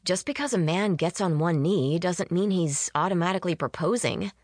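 A woman reading an audiobook, voicing a relaxed young man in a low-key, dryly teasing way. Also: moderate pace, dry recording, clean studio sound. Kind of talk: audiobook character voice.

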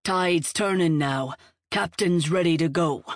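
A woman's voice: on the low side, a little slow, dry recording, studio quality, recorded from a distance, close to an everyday voice. Impatient, scowling male pirate who barks, put on by a woman narrator; storybook sailor. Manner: barking and scowling.

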